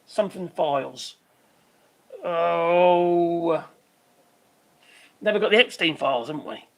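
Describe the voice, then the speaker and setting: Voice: medium pitch, takes it slowly, vocal fry. A live stream host giving rambling commentary, swearing freely and trailing off while hunting for names.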